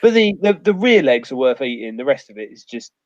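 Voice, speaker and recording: A man's voice: medium pitch, very animated, fairly quick, a little mellow, no echo. A man with a rambling, sweary storytelling manner in a casual outdoors chat. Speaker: outdoors guest. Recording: muffled dry audio.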